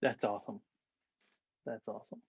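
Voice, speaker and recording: A man's voice: fairly low pitch, steady tone, normal speed, breathy edge, no echo, muffled recording. A man hosting a casual church podcast, interviewing a mission team with brief, encouraging replies.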